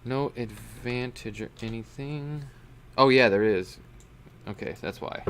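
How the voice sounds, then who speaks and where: A man's voice: mid-range voice, unhurried, a bit bright, slight background noise. A man running a tabletop game as dungeon master, explaining rules and calling out dice rolls.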